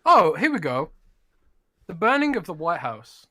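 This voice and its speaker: A man's voice: high-pitched, very animated, measured pace, pauses often, pushed and bright, dry recording, studio quality. A British man co-hosting a gaming podcast, chatting casually in a playful, teasing way. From United Kingdom. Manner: playful, teasing, laughs often. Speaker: podcast co-host.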